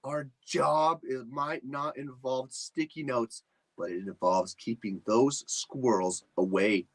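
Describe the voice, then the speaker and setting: A man's voice: mid-range voice, steady tone, slow pace, no room sound. A man voicing a chatty, eager male pet dog who talks in a protesting, boastful way. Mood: insistent.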